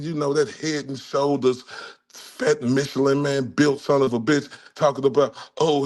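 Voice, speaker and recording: Male streamer from Dallas with a gravelly voice, ranting angrily and swearing constantly. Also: mid-range voice. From Dallas, Texas. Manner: furious, heavily profane ranting. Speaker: livestream host. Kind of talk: angry profane livestream rant.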